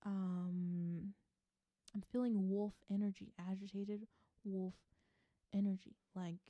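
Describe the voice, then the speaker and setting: A woman's voice: medium pitch, level tone, takes it slowly, warm tone, no room sound, lo-fi sound. A woman giving a casual tarot reading to camera, musing aloud in a chatty way and laughing often. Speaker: tarot reader.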